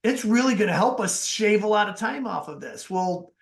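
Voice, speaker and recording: Higher-voiced male podcast host, echoey. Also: lively intonation, moderate pace, gravelly. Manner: rambling, restarts often. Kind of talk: conversational podcast talk. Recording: echoey room.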